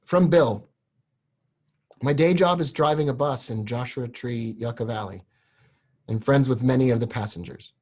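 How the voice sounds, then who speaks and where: Husky earnest man pitching a course. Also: normal speed, pauses often, a little mellow. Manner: earnest, emotional, talks straight to viewers. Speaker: host selling a trading course. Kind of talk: live-stream sales pitch.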